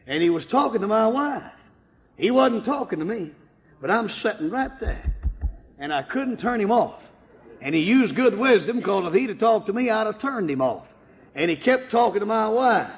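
A man preaching a folksy testimony sermon and telling his story, breaking into sudden shouts. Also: high voice, normal speed, gravelly. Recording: echoey hall, dull lo-fi sound.

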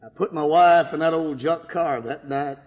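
Speaking at an ordinary pace in a slightly high voice, a man from Michigan preaches his life testimony in a church sanctuary. He quotes dialogue and tells it with deep emotion, crying out at its high points. The reverberant hall comes through on a dull, lo-fi recording.

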